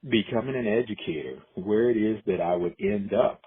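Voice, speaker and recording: A man from Illinois recalls his past in an unhurried, reflective way, circling back and restarting his sentences. His voice sits very low and sounds deeply husky and breathy. The audio is narrow and muffled, like a phone line. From Decatur, Illinois, USA. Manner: reflective, storytelling, frequent restarts. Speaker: educator, interviewee. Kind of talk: oral history interview.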